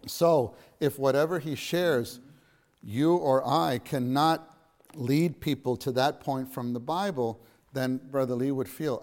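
A man's voice: medium pitch, slow pace, darkish tone. A middle-aged man leads a church lesson in a meeting room with listeners, speaking earnestly. His voice sits in an ordinary middle register. He repeats key phrases to stress a point. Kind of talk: church teaching talk to a gathering.

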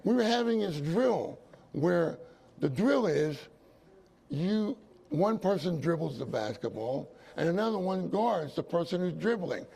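A man's voice: high-pitched, expressive, unhurried, creaky, warm tone, slight background noise. A man preaching a sermon, telling a personal story with repeated phrases and asides to his congregation. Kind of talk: sermon testimony.

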